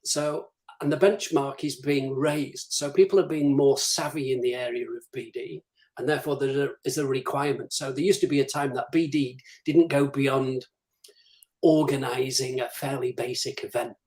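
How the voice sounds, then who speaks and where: A man's voice: mid-range voice, steady tone, normal speed, a little mellow, rough recording. A man speaking as the guest on a live-streamed interview, talking through business development advice and acting out the questions clients put to him. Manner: practical, advisory, acts out clients' questions.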